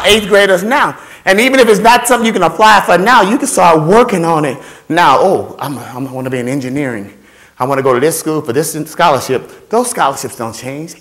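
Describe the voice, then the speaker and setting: Man, high voice, animated motivational speaker, playful, repeats himself. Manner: playful, repeats phrases, acts out voices and sounds. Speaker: scholarship workshop speaker. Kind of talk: animated motivational talk to students.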